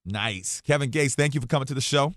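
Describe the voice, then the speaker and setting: A male radio host who opens with a hype-style intro and then asks quick, casual questions. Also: mid-range voice, fairly bright tone, dry recording, studio quality. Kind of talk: radio interview. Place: radio studio.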